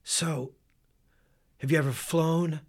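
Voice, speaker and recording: A man imitating a flashy showman who speaks in a hushed, clipped way. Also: fairly high pitch, steady tone, slow, pitched above the performer's own voice. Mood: low-key confident. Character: flashy Italian showman, older man, smooth and terse.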